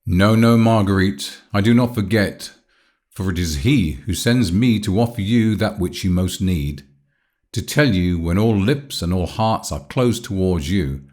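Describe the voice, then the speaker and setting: A man's voice: on the low side, unhurried, darkish tone, natural voice. A man voicing an ardent, earnest young man in an audiobook, speaking insistently. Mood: fervent. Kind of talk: audiobook character voice.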